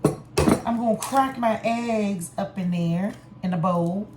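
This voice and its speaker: A woman's voice: mid-range voice, slow. An older woman chatting playfully through a home cooking video in her kitchen. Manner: chatty, playful, breaks into song. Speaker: home cook vlogger. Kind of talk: casual cooking vlog. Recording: echoey kitchen with cooking noise. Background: cooking sounds, sizzling pan.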